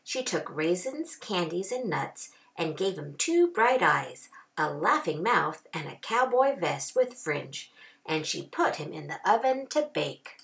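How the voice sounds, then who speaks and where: Brief: woman teacher, storybook read-aloud, lively and slow, gravelly undertone. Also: fairly low pitch. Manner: expressive storytelling with drawn-out phrases. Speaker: kindergarten teacher. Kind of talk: children's picture-book read-aloud.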